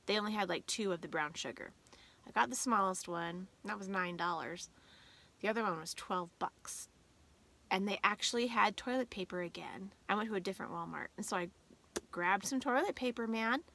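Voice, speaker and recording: A woman's voice: medium pitch, brisk, gravelly, bright, forceful tone. A woman vlogger telling a personal story in a casual, rambling way with many fillers, emotional and holding back tears at times.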